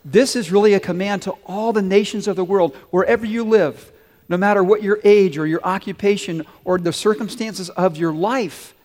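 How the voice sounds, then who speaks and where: High-voiced pastor in a reverberant hall. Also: male voice, normal speed, a little mellow. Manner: earnest, leads the congregation in call-and-response. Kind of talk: sermon. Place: large church sanctuary.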